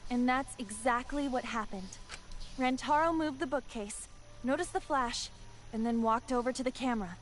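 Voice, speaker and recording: A woman voicing a bright, earnest teen pianist girl. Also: a little high, normal speed, slight background noise, lightly acted. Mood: earnest, solemn. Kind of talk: English game dub. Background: game music.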